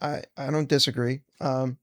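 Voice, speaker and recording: A man's voice: medium pitch, level tone, normal speed, no room sound, studio quality. A man co-hosting a casual podcast discussion, easygoing and enthusiastic, laughing often. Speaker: podcast co-host.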